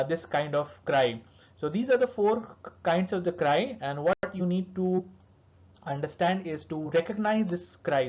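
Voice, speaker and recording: Brief: pediatric dentistry lecturer, mid-pitched voice, patient teaching delivery, muffled low-fi audio. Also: darkish tone. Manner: explanatory, checks in with "all right" and "okay". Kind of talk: recorded lecture to dental students. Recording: dull lo-fi recording.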